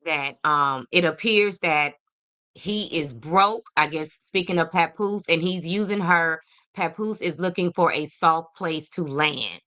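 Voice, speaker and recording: A woman's voice: sits low, unhurried, bright, forceful tone. A woman hosting a celebrity gossip podcast, sassy and opinionated, talking straight to her viewers. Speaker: podcast host.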